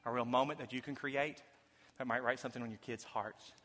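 Bright-voiced man preaching in a hall. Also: medium pitch, steady tone, a little fast. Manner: emphatic preaching, swings from loud to hushed. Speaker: pastor. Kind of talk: sermon. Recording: long hall reverb.

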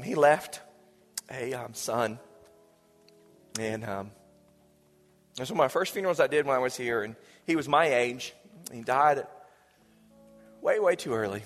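A pastor in his forties preaching a sermon, moving between raised passages and hushed, whispered lines. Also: medium pitch. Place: church sanctuary. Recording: church hall reverb with soft music.

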